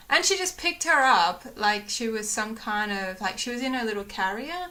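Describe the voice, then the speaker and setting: A woman's voice: fairly high pitch, lively intonation, normal speed, bright, forceful tone. A woman vlogger chatting casually, rambling with lots of ums and getting emotional as she retells her stories. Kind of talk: casual chat.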